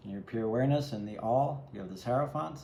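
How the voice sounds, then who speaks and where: Gravelly and fast-talking, a mid-range-voiced man muses through a solo tarot reading aimed right at the viewer. The recording sounds echoey, with faint background ambience.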